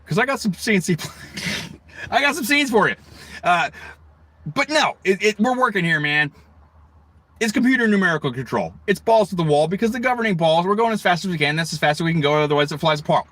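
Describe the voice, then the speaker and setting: A middle-aged American man rants on a livestream, swearing constantly and veering from one tangent to the next. His voice sits fairly high for a man and comes out bright and forceful. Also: animated. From United States. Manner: profane, ranting, heavy swearing, rapid tangents. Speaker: livestream host. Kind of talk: rambling livestream rant.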